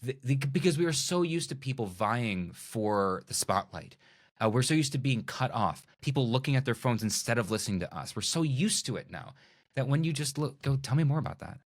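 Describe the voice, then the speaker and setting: A middle-aged man, a magician and speaker, talking as a podcast guest in a playful, animated way that acts out little scenes of dialogue. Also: mid-range voice, normal speed. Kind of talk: animated conversational interview.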